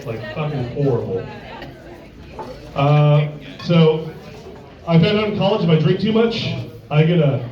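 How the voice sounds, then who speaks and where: A man doing a stand-up comedy set in a sports bar, crude and rambling, full of filler words. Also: on the high side. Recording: echoey bar, distant dull mic, crowd.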